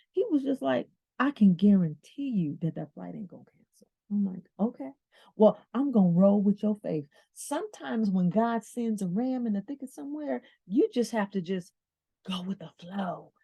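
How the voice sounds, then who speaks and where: A middle-aged woman from the Bay Area hosting a podcast, telling a story with lively acted-out dialogue and repeated phrases. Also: mid-range voice, moderate pace, vocal fry, slightly rough, dry recording. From San Francisco Bay Area. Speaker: podcast host. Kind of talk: storytelling motivational talk.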